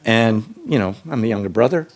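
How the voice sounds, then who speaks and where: A man in his fifties or sixties telling a true story on stage to a live audience, casual and unscripted, jumping to a high excited voice when he quotes himself. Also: a little fast. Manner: casual, with fillers and restarts. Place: stage in a public venue.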